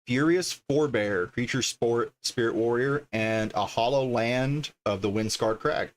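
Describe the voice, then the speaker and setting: A man's voice: medium pitch, unhurried. A man casually chatting on a livestream as he opens card packs, reading card names aloud and easily delighted by the art. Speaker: streamer opening card packs.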